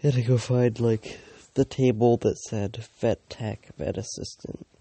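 Gravelly, drawling teenage boy ranting. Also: mid-range voice, fairly even intonation, unhurried, dark tone, no room sound. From Canada. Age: teens. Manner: rambling, filler-heavy, swears often, mocking asides. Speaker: vlogger. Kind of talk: casual rambling storytime.

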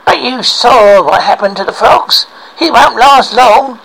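A man's voice: very high-pitched, unhurried, gravelly, fairly bright tone, pitched above the performer's own voice, heavily acted, low-quality recording. A man voicing a mean, gloating, cackling witch in a read-aloud storybook.

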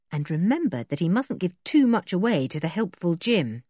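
A woman reading a storybook aloud as narrator in an expressive, lively way. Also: on the low side, moderate pace, slightly rough, dry recording. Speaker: audiobook reader.

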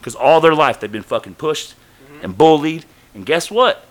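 At a moderate pace and a slightly high pitch, a man casually recounts a story for a podcast. He drops curses freely and animatedly plays out other people's quoted lines.

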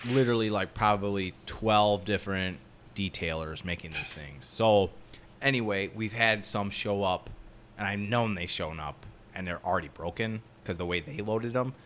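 Deep-voiced, cursing foreman telling stories. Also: moderate pace, a little hiss or hum. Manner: profane, rambling, animated storyteller. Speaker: construction site foreman. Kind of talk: casual storytelling chat.

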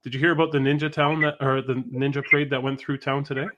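A man's voice: mid-range voice, level tone, fast talker, fairly bright tone, dull audio. Joking man hosting a live show. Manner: joking, rambling, laughs often. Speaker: host. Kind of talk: casual live show chat.

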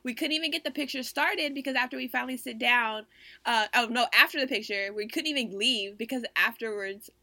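A woman in her twenties chatting casually as a podcast co-host, chiming in quickly and upbeat. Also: fairly high pitch, sharp tone, no echo. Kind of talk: casual chat.

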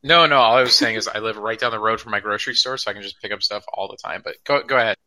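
A man chatting casually on a call, relaxed and rambling. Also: fairly low pitch, rapid-fire, low-quality recording. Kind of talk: casual chat. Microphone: video call.

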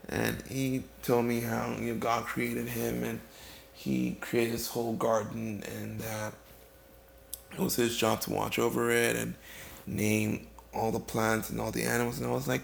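A tired man spins a comic tale in a very gravelly voice, stumbling over his words and circling back. His voice rings around a bare room with faint hiss underneath. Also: mid-range voice, steady tone. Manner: rambling and halting, full of fillers and restarts. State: tired and yawning. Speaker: comedic storyteller. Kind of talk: improvised comedic monologue. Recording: echoey room with faint noise.

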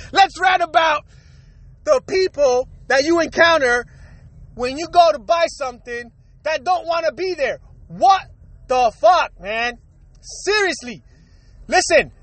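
High-voiced ranting man with a cold. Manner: animated, swearing, slangy. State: has a cold, coughing. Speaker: podcast host. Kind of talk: profane solo rant podcast.

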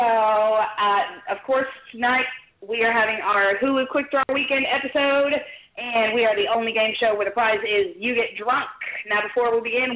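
A woman hosting a drinking trivia show as quizmaster, talking in a loose, folksy way with lots of ums and uhs. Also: medium pitch. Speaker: game show host and quizmaster. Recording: tinny lo-fi sound in an echoey room.

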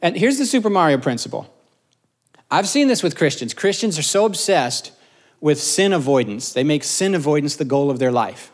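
A man's voice: on the high side, sing-song, moderate pace. A middle-aged man preaching a casual, joking sermon, telling self-mocking stories to his audience. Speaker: pastor.

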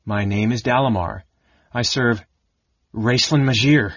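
A man voicing a cold, menacing young male dark elf mage with a smooth, cool voice and a calm, quietly threatening manner. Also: mid-range voice, a little slow, no room sound, dull audio.

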